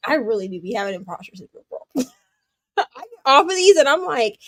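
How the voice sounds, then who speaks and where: A high-voiced woman chats casually as a stream host. She tells stories with quick asides and laughs often. The sound is dry and close. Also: very animated, fairly bright tone, no room sound. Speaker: host of a long reading and craft sprint stream. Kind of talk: casual chat.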